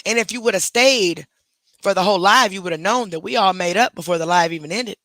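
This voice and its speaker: Lady streamer, sassy and defensive, bright forceful voice, real dry close mic. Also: mid-range voice, fairly quick, dry recording. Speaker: livestream host. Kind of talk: livestream reaction commentary.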